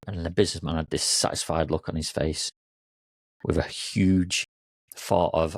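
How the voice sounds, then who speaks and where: Deep-voiced man telling a story. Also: moderate pace, no room sound. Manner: relaxed, loose delivery with fillers. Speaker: coach and podcast host. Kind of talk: casual storytelling.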